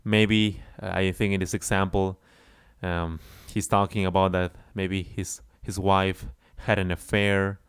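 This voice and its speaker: A man teaching English through a song, stretching out example phrases slowly so learners can repeat them. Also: sits low, flat delivery, smooth, dry recording, clean studio sound. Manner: slow, drawn-out example phrases for repetition. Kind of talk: song-based English lesson.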